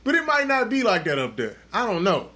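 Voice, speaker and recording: A man with a high voice tells the story with crude, profane gusto. His pitch leaps all over the place as he goes, and he sounds loose and animated on an unscripted podcast. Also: fairly quick. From Texas. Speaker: podcast host. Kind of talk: casual chat, storytelling.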